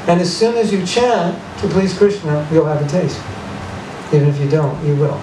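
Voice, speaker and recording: A man's voice: a little high, expressive, normal speed. A man leading a devotional chanting workshop in a temple hall, talking conversationally with rhetorical questions and frequent "you know"s. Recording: echoey hall, distant mic, background noise.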